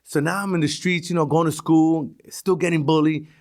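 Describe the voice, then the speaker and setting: A middle-aged man from Brooklyn with a New York accent, telling stories as a podcast guest, animated and full of restarts. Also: fairly high pitch, a little fast. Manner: animated, restarts a lot, acts out quotes. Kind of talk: casual storytelling interview.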